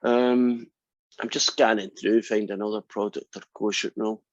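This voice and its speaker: A man's voice: fairly low pitch, steady tone, moderate pace, no echo. A man teaching a calculus class, talking through derivatives with wry, teasing asides. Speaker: math instructor. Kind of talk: classroom lecture. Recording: dry, muffled classroom recording.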